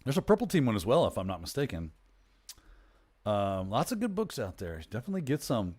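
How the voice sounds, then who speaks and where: A man's voice: fairly low pitch, big pitch swings, fairly quick, a little mellow, slightly rough. A man hosting a casual livestream chat, talking in a chatty, rambling way and often correcting himself mid-sentence. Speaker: host.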